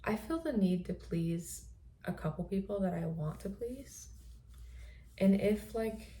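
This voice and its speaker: A woman host in a reflective personal monologue, speaking softly and often slipping into a breathy whisper. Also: mid-range voice, animated, unhurried. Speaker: podcast host.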